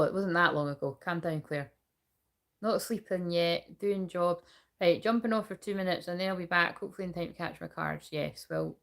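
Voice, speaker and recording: Reading cards on a livestream, this woman talks casually with her viewers and chat, cursing freely. Her voice is on the low side, fairly bright, with vocal fry.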